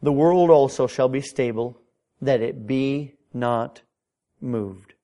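A middle-aged man preaching a sermon in a church. His delivery is impassioned, with frequent stammered restarts, and his pitch climbs when he gets stirred up. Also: slow, mellow. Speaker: pastor. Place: church sanctuary.

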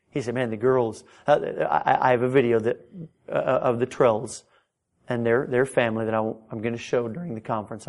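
A middle-aged man preaching a sermon in a church. His delivery is impassioned, with frequent stammered restarts, and his pitch climbs when he gets stirred up. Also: darkish tone. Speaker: pastor. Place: church sanctuary.

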